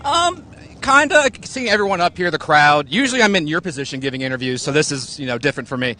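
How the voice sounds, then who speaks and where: A man who just won a race, talking casually in a trackside interview, relaxed and full of "like". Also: on the high side, fast. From United States. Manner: relaxed, peppers speech with "like". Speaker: race winner and sponsor. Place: outdoors at a drag strip.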